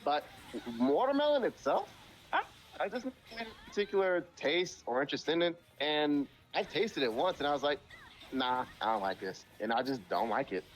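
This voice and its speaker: A man's voice: on the high side, very animated, fairly quick. A man in casual chat on a live stream, talking bluntly and emphatically with plenty of swearing.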